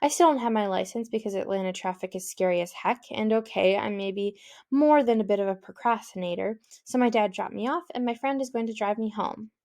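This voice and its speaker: A woman's voice: medium pitch, brisk, darkish tone. A woman reading an audiobook in first person, with a conversational, youthful, inward manner. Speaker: audiobook narrator. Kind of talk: first-person scripted narration.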